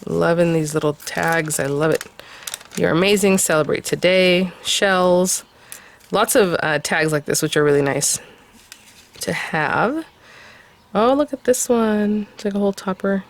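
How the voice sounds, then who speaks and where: A woman's voice: fairly low pitch, a little slow, gravelly. A woman in her thirties hosting a craft channel, casually unboxing a kit in a chatty, gushing way with many fillers.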